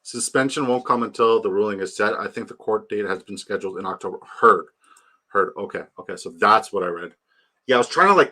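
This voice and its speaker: A man's voice: lowish voice, sharp tone. A young man chatting casually on a fantasy football stream, rambling and joking, swearing freely. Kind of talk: casual live-stream chat.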